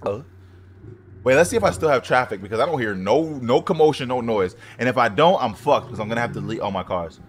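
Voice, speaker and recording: A man giving casual, profane gameplay commentary as a gaming video host, reacting loudly to what happens in the game. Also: mid-range voice, quick pace. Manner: excitable, profane outbursts at the game. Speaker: gaming YouTuber. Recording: noisy game audio under voice. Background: driving game engine and traffic sounds.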